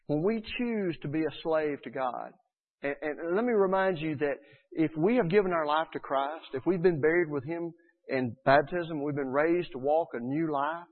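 An earnest man preaches a sermon, his voice sitting a little high. He is animated and acts out the people he quotes. The sound is thin and tinny, as if heard down a phone line. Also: normal speed. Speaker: pastor.

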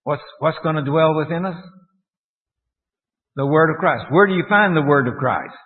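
A man preaching a sermon to a congregation, halting and full of fillers and restarts, often putting questions to his listeners. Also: fairly high pitch. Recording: tinny, echoey church recording.

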